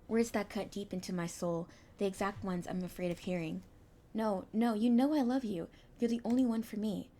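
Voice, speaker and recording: Young woman streamer reading a visual novel, anxious and expressive, stumbles a bit. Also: medium pitch, normal speed.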